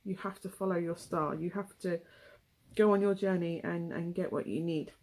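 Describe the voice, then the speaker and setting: A woman's voice: on the low side, steady tone, normal speed, a little mellow. A young woman with a West Country English accent giving a casual, rambling tarot reading, full of asides and ums. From England. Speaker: tarot reader.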